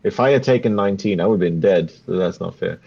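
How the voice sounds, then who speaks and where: A man playing in a tabletop game, quick to laugh and to argue the fairness of the rules. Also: low-pitched, vocal fry, a little mellow, breathy edge, dull audio. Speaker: player.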